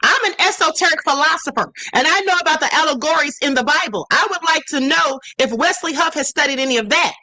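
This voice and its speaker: A woman's voice: high-pitched, quick pace, few pauses, sharp tone, no echo, rough recording. A woman hosting a livestream, commenting emphatically and answering her chat with sass. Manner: sassy, emphatic, addresses chat directly. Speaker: livestream host.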